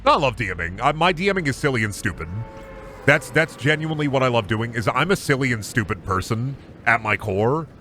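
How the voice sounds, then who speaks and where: A man's voice: medium pitch, expressive, fairly quick, bright, forceful tone, slight background noise. A man streaming a game, chatting casually in a rambling, silly, self-deprecating way. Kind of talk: casual chat while gaming.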